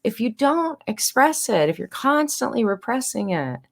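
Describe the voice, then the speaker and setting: Lively-voiced woman hosting an interview. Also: on the high side, normal speed, vocal fry. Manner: engaged, asks probing questions. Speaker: interview host. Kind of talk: interview conversation.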